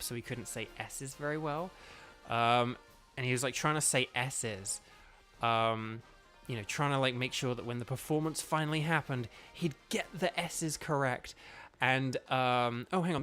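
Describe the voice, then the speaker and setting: This let's-play commentary comes from a Northern Irish man who works as a gaming YouTuber and voice actor. He speaks at a medium pitch with a fairly bright tone, rambling casually with frequent fillers and restarts.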